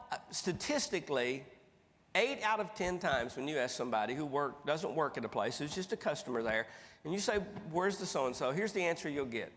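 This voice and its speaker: Folksy man speaking in a hall. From East Tennessee. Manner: folksy, animated storyteller with big pitch jumps. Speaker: motivational speaker. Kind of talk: storytelling keynote speech. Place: large conference hall stage. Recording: long reverb of a big hall.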